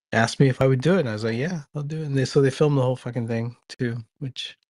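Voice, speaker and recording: A man's voice: mid-range voice, steady tone, fairly quick, a little mellow, no echo. Laid-back tired man chatting. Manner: laid-back, rambling, laughs often, swears. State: tired after a long day, drinking wine. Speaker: actor and host. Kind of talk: casual chat on a live audio space.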